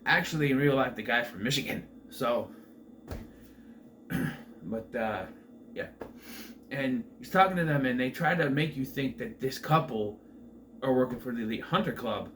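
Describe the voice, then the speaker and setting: A man's voice: medium pitch, lively intonation, moderate pace, long pauses, a bit bright, slight background noise. A man casually reviewing a horror movie, rambling and offhand, swearing freely as he recaps the plot.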